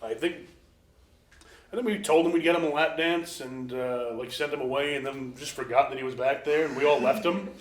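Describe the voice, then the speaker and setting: A man telling a wild story as an interview guest, animated, acting out quoted voices and laughing often. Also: medium pitch, brisk, reverberant. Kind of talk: casual storytelling.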